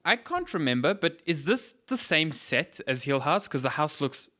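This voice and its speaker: A man hosting a podcast in casual chat, animated and sweary, drifting into quiet asides. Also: a little high, normal speed. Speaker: podcast host.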